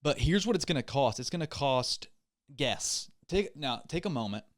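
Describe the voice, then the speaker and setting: A man's voice: medium pitch, lively intonation, normal speed, dry recording, studio quality. A man hosting his own podcast in a rambling, comedic monologue, goofy and self-deprecating, often restarting his sentences. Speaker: podcast host.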